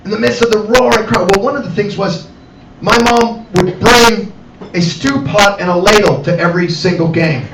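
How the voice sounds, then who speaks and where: A middle-aged man performing animated stand-up comedy at a cafe comedy night, talking to the audience. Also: sits high, moderate pace. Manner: animated, acts out voices, addresses the audience. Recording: roomy, distant mic, loud background noise.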